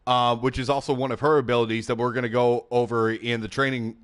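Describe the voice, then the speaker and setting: A man hosting a casual game commentary video from his home setup, talking into a headset mic in a chatty, excitable way, often laughing and filling pauses. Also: medium pitch, smooth. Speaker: gaming YouTube host. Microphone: gaming headset.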